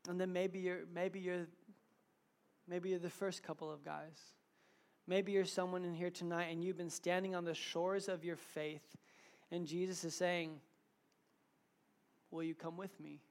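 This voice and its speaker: Speaking at a moderate pace in a high-pitched, clean-toned voice, a young preacher gives a relaxed evening sermon. He peppers his talk with fillers and brings stories to life with lively retellings.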